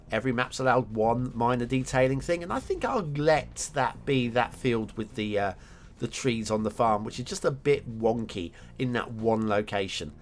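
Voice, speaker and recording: A man hosting a game map review show, chatting enthusiastically with filler words and self-corrections. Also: medium pitch. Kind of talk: casual game commentary.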